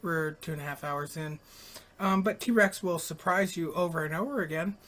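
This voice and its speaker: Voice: medium pitch, moderate pace, a bit bright. A late-night radio host in casual live talk, with a voice in the middle range. The delivery is rambling and frank, and casual swearing comes in easily.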